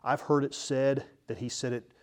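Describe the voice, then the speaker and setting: A male pastor delivering an expository sermon from the pulpit, earnest and emphatic, moving between loud and soft. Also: medium pitch, steady tone, moderate pace. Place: church, speaking from the pulpit.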